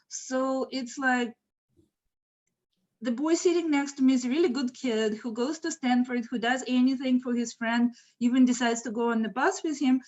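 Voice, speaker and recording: Animated woman telling a story. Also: high voice, normal speed, muffled recording. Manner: lively, animated, laughs mid-sentence. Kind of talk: casual spoken storytelling. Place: home, virtual event. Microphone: video call.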